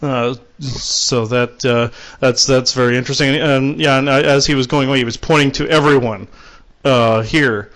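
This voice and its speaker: Halting man channeling on a call-in show. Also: medium pitch, fairly even intonation, fairly bright tone. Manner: halting, many fillers and restarts, relays messages. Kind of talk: call-in spiritual talk show.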